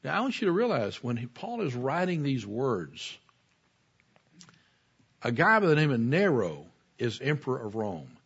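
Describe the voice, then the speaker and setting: A man preaching a sermon in a loose, talky way, turning to his listeners with questions as he goes. His voice is husky, and the recording sounds muffled and lo-fi. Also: mid-range voice, huge pitch swings, normal speed, fairly bright tone. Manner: conversational, digressive, asks the listeners questions. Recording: dull lo-fi recording.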